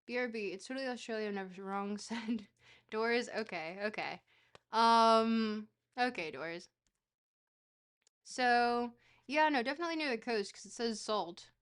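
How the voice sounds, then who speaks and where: A woman's voice: fairly high pitch, measured pace, fairly bright tone, clear, resonant tone. A woman streamer chatting casually while playing a geography game, rambling and joking with a bit of casual swearing.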